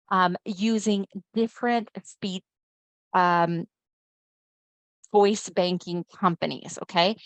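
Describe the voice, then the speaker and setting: A woman's voice: mid-range voice, no room sound. Chatty woman presenting a webinar. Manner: conversational, often checks in with listeners. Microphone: video call mic.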